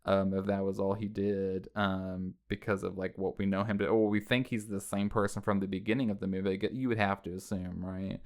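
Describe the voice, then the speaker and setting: A man's voice: low-pitched, little pitch movement, a little fast, hardly any pauses. A man casually recapping a horror movie scene by scene, rambling and conversational, often checking in with listeners. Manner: rambling, conversational, with frequent "like" and "right?". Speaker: film commentary host.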